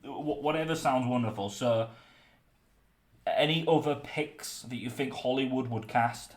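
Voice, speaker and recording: British male podcast co-host, mid-pitched, playful, stumbles over words, casual chat. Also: measured pace.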